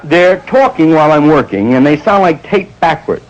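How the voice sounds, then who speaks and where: A man around forty, doing a rambling stand-up routine in a nightclub and jumping into loud character voices. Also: fairly high pitch, expressive, moderate pace, lo-fi sound. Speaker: stand-up comedian. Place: nightclub stage before a live audience. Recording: faint hiss, old 1960s live recording.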